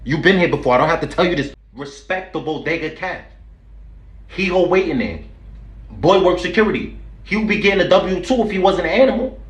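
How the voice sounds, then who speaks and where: A young man from the Bronx talks with a strong New York accent and a brash, joking delivery, leaning hard on street slang. His voice sits slightly higher than most men's. The sound carries a noticeable room echo. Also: lively intonation, a little fast. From New York City, the Bronx. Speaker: vlogger host. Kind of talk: comedic vlog skits.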